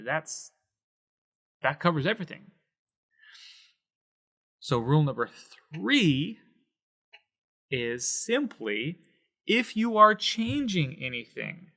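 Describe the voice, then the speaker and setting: A man explaining Spanish accent marks in a patient whiteboard lesson, slowing down to stress syllables. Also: high-pitched, fairly bright tone. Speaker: Spanish teacher.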